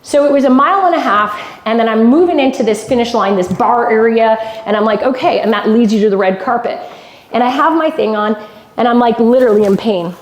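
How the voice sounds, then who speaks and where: A woman's voice: a little high, brisk, roomy sound. A woman from Canada giving a motivational keynote, telling a personal story with emphatic repetition. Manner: emphatic storytelling, repeats lines for effect. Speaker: keynote speaker. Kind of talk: motivational speech. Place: golf club event hall.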